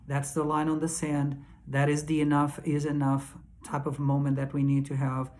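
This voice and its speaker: A man's voice: on the high side, monotone, moderate pace, darkish tone. A man earnestly recounting a conference panel in a casual spoken recap, emphatic and often restarting and repeating words.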